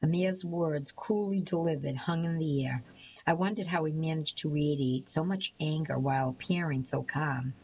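Low-voiced woman narrating a story. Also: breathy edge, rough recording. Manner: measured, even storytelling with occasional small slips. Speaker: audiobook narrator. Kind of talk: scripted narration.

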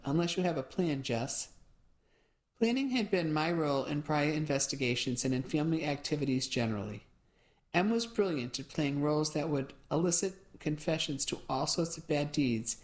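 Low-voiced woman reading a mystery novel. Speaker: audiobook narrator. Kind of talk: first-person audiobook narration.

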